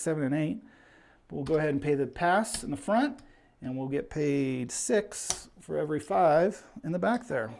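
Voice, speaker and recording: A man with a fairly high, slightly mellow voice hosts a relaxed live stream, chatting and calling the action as he plays. He's a little out of breath and reads out viewer names.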